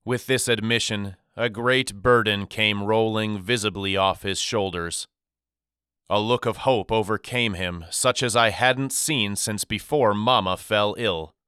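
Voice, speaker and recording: A male audiobook narrator with a lowish, bright and crisp voice, reading in a measured, reflective way. His pace is unhurried and the recording is close and dry. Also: no echo. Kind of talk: scripted narration.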